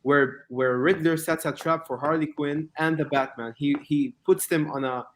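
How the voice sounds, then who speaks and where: A man co-hosting a casual podcast chat who pushes his argument with real energy and acts out lines from the movies he brings up. His voice sits a little high for a man. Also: normal speed, slight background noise. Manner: animated, acts out quotes while arguing. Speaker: podcast co-host.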